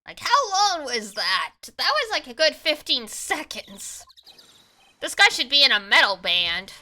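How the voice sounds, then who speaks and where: A woman streamer chats through a game, joking and cursing casually. Her voice is high and very bright. She speaks slowly and with a lively, swinging pitch, while faint music plays behind her. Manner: chatty, joking, swears casually. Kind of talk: casual gameplay commentary.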